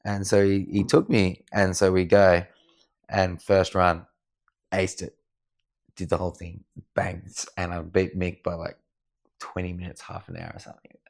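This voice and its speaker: Gravelly Australian man telling a story. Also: sits low, normal speed. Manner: animated, swears freely, acts out other people's voices. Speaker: podcast guest, foiler. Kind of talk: casual storytelling chat. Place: living room of a house at night.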